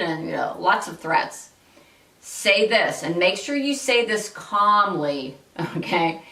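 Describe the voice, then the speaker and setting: A woman's voice: medium pitch, measured pace, sharp tone, recorded from a distance. A woman hosting an instructional talk, coaching listeners directly and giving them example phrases to say. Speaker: host and workplace-civility coach. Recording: echoey room, voice a bit off-mic.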